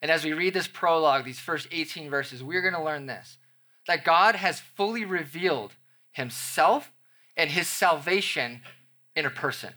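A man's voice: a little high, normal speed, pushed and bright. A man, the pastor, preaching a sermon to his congregation with playful, conversational asides.

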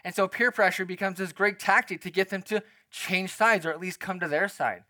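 A male pastor preaching in a lively, conversational way, often slipping into the voices of the people in his story. His voice is high and bright, with a lot of spark to it. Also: fairly quick, dry recording. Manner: animated, conversational, acts out quotes. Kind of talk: sermon.

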